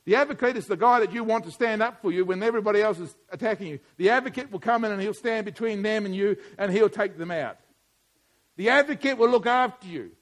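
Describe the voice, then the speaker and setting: Casting note: middle-aged male preacher, higher voice, sermon that swings from soft asides to forceful emphasis. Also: fast. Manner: swings from quiet musing to loud, emphatic preaching.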